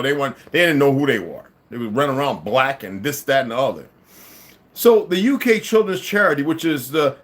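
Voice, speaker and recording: Combative man, lively swinging pitch. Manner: combative, swings from low mutters to loud emphatic outbursts. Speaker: livestream commentator. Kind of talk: live monologue to viewers.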